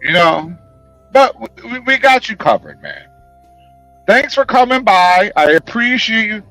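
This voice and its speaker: A man with a high, bright voice that swings widely as he rants at his chat in a casual livestream. He talks in a profane, confrontational, sarcastic way. The sound is dry and close, with faint music playing behind him. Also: wildly swooping pitch, measured pace, no echo, poor audio.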